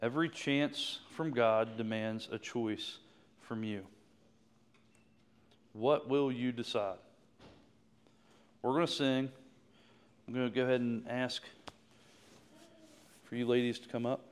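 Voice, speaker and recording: A man's voice: medium pitch, steady tone, takes it slowly, long pauses, clear, resonant tone. A man preaching a sermon, closing with an impassioned prayer. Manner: impassioned, rising to fervent prayer. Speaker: pastor.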